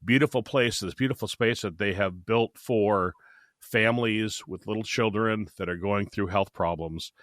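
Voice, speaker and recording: An older man co-hosting a podcast, talking in a casual, halting way and stumbling over repeated words as he gets emotional. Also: lowish voice, a bit bright, no room sound, clean studio sound. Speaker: podcast co-host.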